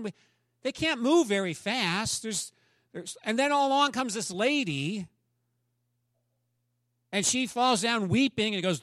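A man preaching a sermon as a pastor, dramatically acting out the people in the story and swinging from loud urging to hushed, near-whispered lines. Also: sits high, lively intonation, normal speed, no echo, studio quality. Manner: dramatic, acts out voices of the story.

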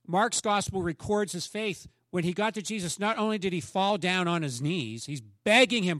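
A man preaches a sermon, slipping into the voices of the people in his story. His voice sits a little high for a man, and he swings between loud, urgent pleading and hushed lines that drop almost to a whisper. The sound is dry and close, with no room around it. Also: animated, measured pace, no echo. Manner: dramatic, acts out voices of the story. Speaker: pastor.

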